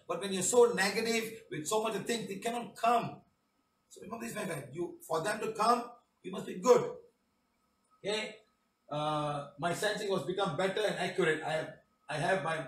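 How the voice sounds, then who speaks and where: Malaysian English male healer, high-pitched, emphatic and preachy, miked from a distance in an echoey room. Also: a little hiss or hum. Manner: emphatic, preachy, tag questions. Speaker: spiritual healing teacher. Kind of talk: reading and commenting on testimonials.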